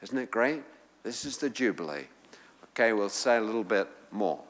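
A man's voice: on the low side, expressive, moderate pace, fairly bright tone. A man preaching a sermon to a congregation, emphatic and rising to fervent appeals. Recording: long hall reverb.

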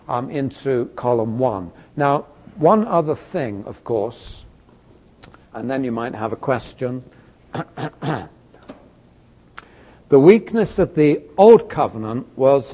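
A man lecturing a class, telling an illustration in an animated, conversational way, with asides to his students. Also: medium pitch. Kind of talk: classroom teaching with an extended illustration.

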